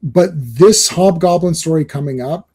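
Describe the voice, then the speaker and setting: A man's voice: fairly high pitch, a little slow, a little mellow, husky. A middle-aged man from Canada hosting a live stream, chatting casually and rambling with many restarts. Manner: rambling, self-interrupting, chuckling. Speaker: stream host.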